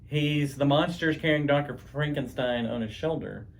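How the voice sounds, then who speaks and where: A man's voice: a little high, moderate pace, vocal fry, slight background noise. A man co-hosting a home podcast, telling stories in a rambling, chatty way with many restarts. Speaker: podcast co-host. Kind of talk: casual chat.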